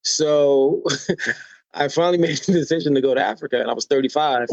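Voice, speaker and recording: A man's voice: on the high side, fairly quick, gravelly, darkish tone, no room sound, dull audio. An American man being interviewed on a podcast. He tells personal stories with energy and acts out the voices of people he quotes, often adding "right?" to draw the listener in. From United States. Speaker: podcast guest.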